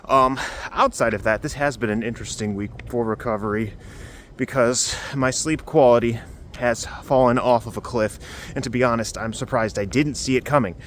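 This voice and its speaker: Holding the camera himself on a cold outdoor walk, a man with a mid-range voice speaks at normal speed, giving a rambling recovery update peppered with fillers. He starts out muffled behind a face covering, and there's a little hiss or hum in the vlog recording.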